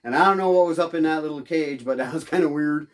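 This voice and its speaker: A man's voice: fairly high pitch, quick pace, no room sound. A middle-aged man hosting a prospecting vlog, talking casually and loosely with many fillers and restarts. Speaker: host of a gold prospecting channel. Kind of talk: casual outdoor vlog narration.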